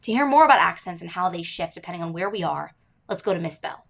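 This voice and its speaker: Low, gravelly-voiced woman host. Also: lively intonation, fast talker, fairly bright tone. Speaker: host and narrator. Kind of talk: interview and scripted narration.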